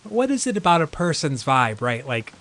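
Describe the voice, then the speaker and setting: Very animated and fairly high-pitched, this gamer talks at a normal speed with a fairly bright tone. His casual stream commentary rambles, packed with "like" fillers, and he jumps at anything surprising.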